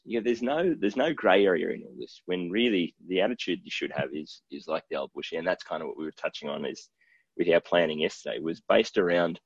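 Laid-back aussie guy chatting on a podcast, deep raspy voice, bit muffled. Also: animated, fairly quick, a little mellow, no echo. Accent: Australian. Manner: laid-back storyteller, jokey banter. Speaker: podcast co-host. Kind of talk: casual chat. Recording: dull, dry lo-fi recording.

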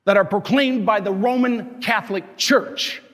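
A man's voice: sits high, normal speed, fairly bright tone. A man, a parish priest, preaching an impassioned sermon full of rhetorical questions and declared righteous anger. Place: large church. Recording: long church reverb.

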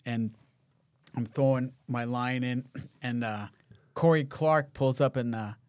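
A man's voice: fairly even intonation, takes it slowly, a little mellow, no room sound. Man with a dry close sound. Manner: low-key, drops his voice when telling a story. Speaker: host. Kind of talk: casual storytelling chat.

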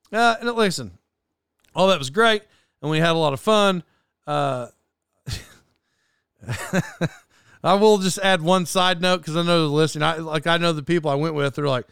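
Man, casual podcast storyteller: rambling, self-doubting, lots of restarts and chuckles; somewhat high, smooth voice. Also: lively intonation, normal speed, long pauses, fairly bright tone, no room sound, studio quality.

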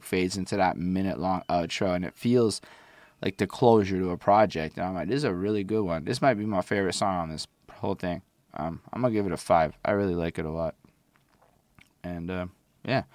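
A man co-hosting a casual album review, talking loosely and profanely and quoting lyrics in animated bursts. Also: low voice, no room sound.

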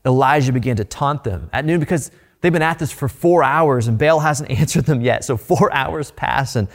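A man preaching a sermon in an animated, informal way, asking the listeners rhetorical questions. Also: on the high side, normal speed, gravelly. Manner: conversational, informal. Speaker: pastor.

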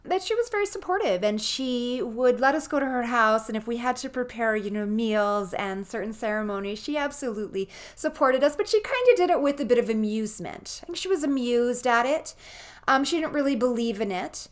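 A middle-aged woman hosting a podcast, telling a personal story in an earnest, animated way with frequent restarts. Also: fairly high pitch, a little fast. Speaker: podcast host and shamanic practitioner.

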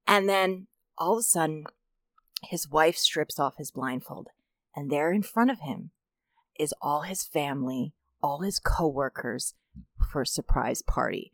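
A woman with a low, unhurried voice co-hosts a podcast, recorded cleanly in a studio with no echo. In casual chat she tells a funny story, animatedly narrating and acting out the characters' voices in her jokes.

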